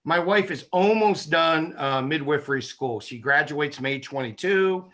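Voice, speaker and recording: Bright, forceful male interview guest. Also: on the high side, a little slow. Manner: emphatic, persuasive, punchy repetition. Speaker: guest, chiropractic neurologist. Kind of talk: casual interview chat.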